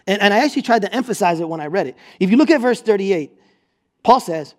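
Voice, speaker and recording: A middle-aged man preaching a sermon as pastor, telling stories in an animated way with bursts of laughter. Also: high voice, quick pace.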